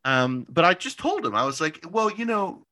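A man's voice: a little high, sing-song, normal speed, sharp tone. A young man in a casual podcast chat, telling a long story with lots of restarts, "like" fillers and casual swearing. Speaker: podcast co-host.

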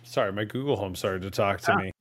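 A man co-hosting a gaming podcast, recounting game encounters in casual chat and laughing as he jumps to high voices for other players. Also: fast talker, a bit bright. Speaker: podcast co-host.

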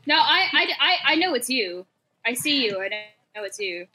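A woman player in a tabletop role-play session, excitable and laughing, swearing freely. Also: sits high, normal speed, soft background music.

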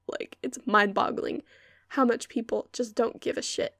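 Young woman venting, high voice, dry close mic, lots of swearing and sarcasm. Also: fairly even intonation, measured pace, a bit bright, slightly rough, no room sound. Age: young adult. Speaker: podcast host. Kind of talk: ranting monologue.

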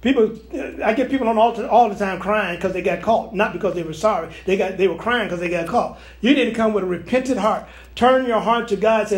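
Man, very high voice, pastor, preachy sermon, stammers and repeats himself. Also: brisk, hardly any pauses. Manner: preachy, repetitive, stammering restarts. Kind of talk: prophetic sermon.

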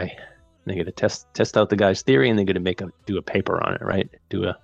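A man with a very low voice, recapping a film in easy podcast chatter. He slips into quick impressions of the characters as he retells the plot. The recording sounds dry and slightly muffled. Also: creaky, no echo, soft background music. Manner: animated retelling with quoted dialogue. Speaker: podcast co-host. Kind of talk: casual chat recapping a film.

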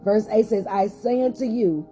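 A woman's voice: medium pitch, normal speed, over loud music. A woman pastor hosting a short podcast Bible study, reading scripture aloud with rising emphasis and some hesitant fillers.

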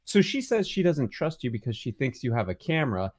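A man's voice: mid-range voice, very animated, brisk, no echo. A man in casual chat, heckling his friends with crude jokes.

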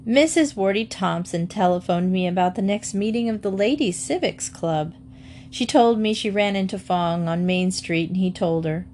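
A patient, good-humored farm mother , read by a woman narrator, in a children's audiobook. She speaks calmly, with gentle amusement, at a mid-range pitch. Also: normal speed, slight background noise, lightly acted. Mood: amused.

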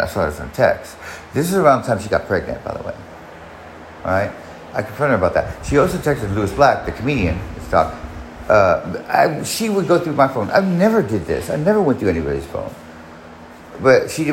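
Lower-pitched man telling a rambling story. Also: very animated, moderate pace, long pauses, reverberant, a little hiss or hum, poor audio. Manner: rambling, frequent restarts and profanity. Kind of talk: casual personal storytelling.

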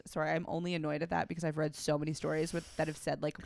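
A woman's voice: deep voice, level tone, racing, vocal fry, a little mellow, no room sound. A woman podcast co-host reading fiction aloud and breaking off now and then for frank, wry asides.

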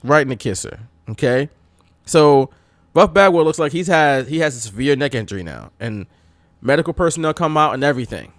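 A man co-hosts a casual wrestling podcast, telling stories energetically and acting out quotes in a raised voice. His pitch is medium and his pace a little fast, with no echo.

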